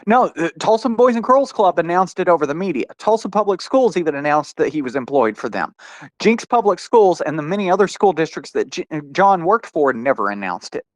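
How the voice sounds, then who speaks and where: A man's voice: sits high, big pitch swings, fairly quick, no room sound. A man in a heated podcast conversation, telling his story in an angry, profane rush and acting out his own retorts. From Oklahoma.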